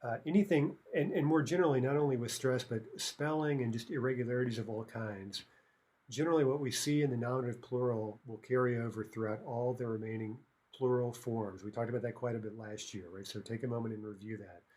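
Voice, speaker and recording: A man's voice: medium pitch, fairly even intonation, fairly quick, darkish tone, husky. A man teaching a recorded language lesson, explaining grammar rules step by step and often checking in with "right?".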